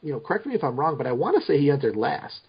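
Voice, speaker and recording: A man's voice: a little high, very animated, rapid-fire, husky. Joking, profane man on a lo-fi podcast. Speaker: podcast guest. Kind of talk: casual podcast chat. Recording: muffled lo-fi podcast audio.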